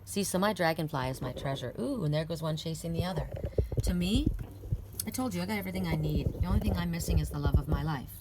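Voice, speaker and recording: A woman's voice: low voice, fast talker, heavy background noise. A woman giving a casual spiritual card reading, rambling and reassuring, with asides and restarts. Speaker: oracle card reader.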